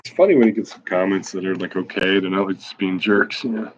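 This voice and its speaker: Husky low-voiced guy in his 40s rambling wry jokes on a live stream, kinda muffled lo-fi sound. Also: fairly even intonation, quick pace. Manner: wry, self-mocking, off-the-cuff. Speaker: blogger reading his posts on a live stream. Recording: dull lo-fi stream audio.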